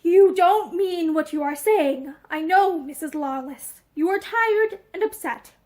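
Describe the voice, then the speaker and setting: A woman reading aloud voices a gentle man who speaks slowly and earnestly, held back by feeling. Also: extremely high pitch. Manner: slow, labored, earnest. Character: plain-faced man, gentle and restrained.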